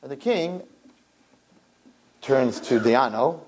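Religious storyteller man, lively sermon, repeats himself, mid pitch. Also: slow. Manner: animated, repeats phrases.

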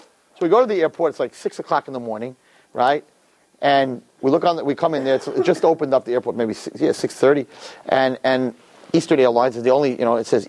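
A man who teaches, telling a personal story to a live audience in an animated, expressive way. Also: fast talker, no echo. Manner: animated, expressive storyteller with big pitch swings.

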